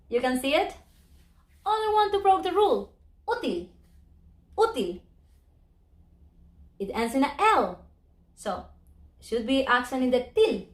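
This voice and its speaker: A woman whose first language is Spanish, teaching a Spanish lesson in English and slowly drawing out each example word. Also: sits high. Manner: slow, drawn-out modeling of words, non-native English grammar. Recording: echoey room.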